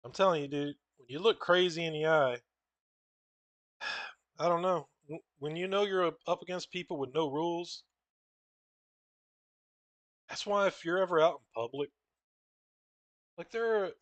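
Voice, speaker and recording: A young man with a drawl and a fairly high voice tells rambling stories while he draws. He swears freely, calls the listener bro and dude, and sounds dry and close to the mic. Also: unhurried, long pauses, a bit bright, dry recording. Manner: rambling, profane, says "bro" and "dude" a lot. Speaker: comic artist drawing on stream. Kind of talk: casual storytelling while drawing.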